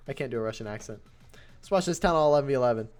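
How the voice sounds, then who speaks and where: A male streamer talks casually at a mid pitch, chatty and quick to laugh. He thanks viewers between bits of match commentary. Faint music plays softly underneath. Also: expressive. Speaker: streamer and host.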